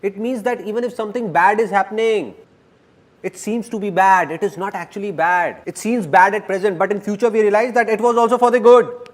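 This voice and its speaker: A man giving a dubbed motivational seminar talk, speaking to the audience in an animated and playful way. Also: sits high, a little fast, noisy background, natural voice.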